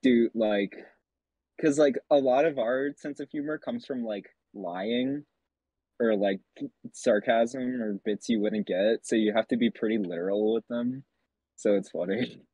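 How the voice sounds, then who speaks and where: A man's voice: mid-range voice, a little slow, dark tone, slightly rough, no room sound. A young man co-hosting a podcast in casual chat, laid-back and swearing freely. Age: young adult.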